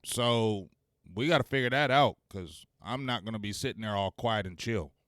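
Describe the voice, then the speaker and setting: A man in his forties hosts a casual live-stream sports talk show, energetic and salty as he fires off shout-outs. His voice is on the low side at a moderate pace, recorded with studio quality and no echo.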